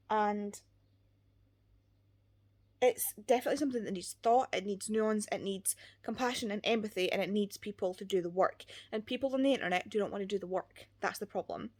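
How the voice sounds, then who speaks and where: Earnest young Scottish woman book vlogger, mid pitch, rambling casual delivery. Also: a little mellow. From Scotland. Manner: earnest, rambling, many "like" fillers. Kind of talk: casual chat.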